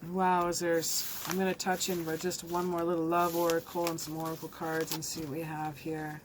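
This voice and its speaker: A woman's voice: sits low, completely flat delivery, moderate pace, slight background noise. A woman giving a casual, heartfelt tarot reading that speaks straight to the viewer. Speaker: tarot reader.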